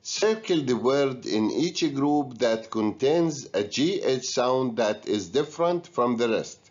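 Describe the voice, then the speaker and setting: A man's voice: mid-range voice, expressive, slow, darkish tone. A man teaching an English lesson, giving patient step-by-step instructions to students. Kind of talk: recorded classroom lesson. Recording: dull lo-fi recording.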